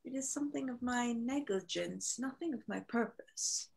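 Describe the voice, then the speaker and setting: A woman reading a timid young woman disguised as a page in a Zoom play reading, hesitant and measured. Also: a little high, vocal fry, a little mellow. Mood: anxious. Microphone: video call.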